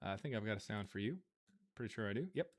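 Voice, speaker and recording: A man's voice: lowish voice, lively intonation, rapid-fire, loud music behind the voice. A man hosting a live stream, reading out viewer donations in a loose, rambling way, with lots of fillers and frequent chuckles. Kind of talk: casual live-stream chat.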